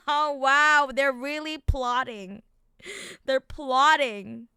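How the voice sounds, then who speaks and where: A woman streamer with a fairly high, smooth, crisp voice. She reads documents aloud in a low mutter, then breaks into loud, profane, angry rants. The sound is close and dry, with no room echo. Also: animated, normal speed. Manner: angry, profane, swings between muttered reading and loud ranting. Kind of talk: reacting to and reading out documents.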